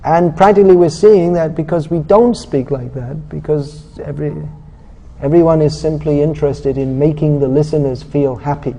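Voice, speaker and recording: A man preaching a sermon in a scripture class, with a very dark, mellow tone that sits a little high for a man. He talks bluntly and with a sarcastic edge, scolding his listeners. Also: steady tone, moderate pace, low-quality recording.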